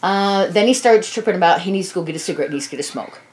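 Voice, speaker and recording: A woman's voice: lowish voice, lively intonation, fast talker. A woman telling a casual personal story, rambling and swearing freely, acting out quoted dialogue as she goes.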